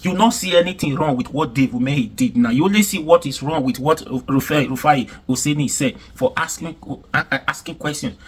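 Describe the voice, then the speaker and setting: Nigerian male vlogger, fired-up rant, slightly high and husky voice. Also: brisk, few pauses. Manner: indignant, emphatic, repetitive ranting. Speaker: commentary vlogger. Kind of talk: heated reaction commentary.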